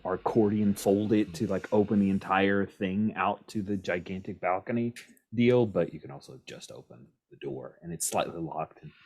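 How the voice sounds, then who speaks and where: A man's voice: low voice, a little mellow, breathy edge. A man narrating as game master in a casual, rambling way.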